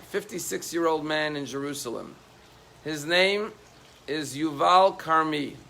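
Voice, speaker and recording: A rabbi tells a story in a sermon, his voice gravelly with a fry at phrase ends. His voice climbs with feeling when he voices the pleading, and faint noise sits under the recording. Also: fairly high pitch, a bit bright. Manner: emotive retelling with rising intensity on quoted pleas.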